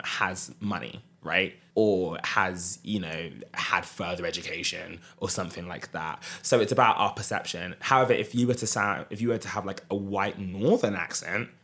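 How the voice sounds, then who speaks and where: A man's voice: sits low, moderate pace, few pauses, sharp tone. A young man with a Southern English accent, explaining his points earnestly in a casual podcast discussion. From England. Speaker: podcast guest.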